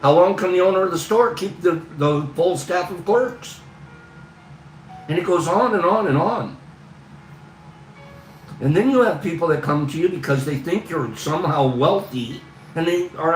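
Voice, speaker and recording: A man's voice: on the high side, animated, moderate pace, pauses often, echoey room, far from the mic, soft background music, rough recording. A man hosting a livestream, talking in a casual, earnest, rambling way. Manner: earnest, rambling, talks through frustration. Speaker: livestream host.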